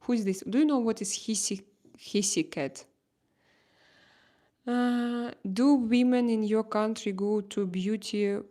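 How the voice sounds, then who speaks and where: Russian-accented woman hosting a livestream chat, unhurried and halting, with a creaky edge. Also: medium pitch, a little mellow. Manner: halting, many fillers and restarts. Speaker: livestream host. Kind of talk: casual livestream chat reading comments.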